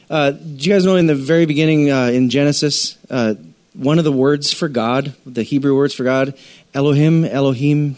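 Casual pastor type, mid-pitched man, chatty teaching sermon, lots of "um" and questions to the room. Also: a little mellow. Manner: conversational, asks the audience questions, many fillers. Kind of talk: informal sermon to a group.

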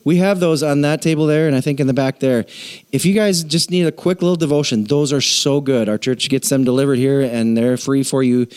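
A man preaching a casual, animated sermon in a church, acting out voices when he quotes. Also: mid-range voice, a little fast, smooth. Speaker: pastor.

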